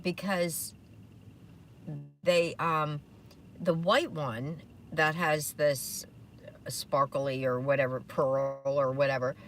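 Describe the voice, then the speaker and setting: Podcast co-host, woman with a lower voice, meandering chatter recorded in a car with some background noise. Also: fairly even intonation, slow, a bit bright. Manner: rambling, many fillers and restarts. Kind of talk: casual chat.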